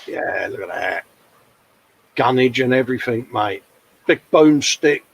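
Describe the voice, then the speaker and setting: A man's voice: mid-range voice, lively intonation, a little slow, gravelly, husky, poor audio. A man hosting a casual live-stream chat, matey and full of tag questions. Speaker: host.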